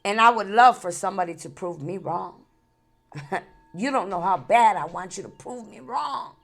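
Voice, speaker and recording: Talking straight to her viewers, a woman hosts a spiritual vlog in a mid-range, gravelly voice with lively intonation and a moderate pace. She laughs between thoughts and repeats herself, by turns tearful and angry.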